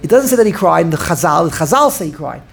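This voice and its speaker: Gravelly-voiced man teaching a Torah class. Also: fairly high pitch, sing-song, fast. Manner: thinks out loud, repeats phrases for emphasis, takes student replies. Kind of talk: informal Torah class lecture.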